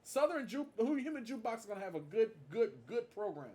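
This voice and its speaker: A man's voice: very high voice, very animated, brisk, mellow. A man giving a casual tribute monologue, stressing his points by repeating them. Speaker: marching band fan vlogger.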